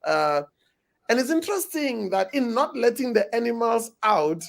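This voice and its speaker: A man's voice: extremely high pitch, big pitch swings, normal speed, vocal fry. A man who co-founded a farming app, speaking on a panel call, wordy, with fillers and playful asides.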